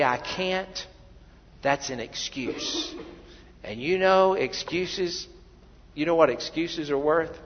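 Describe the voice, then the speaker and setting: A man preaching a sermon, fervent and emphatic, building to loud peaks and often restarting his phrases. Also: on the high side. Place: church sanctuary. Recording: long hall reverb, dull lo-fi sound.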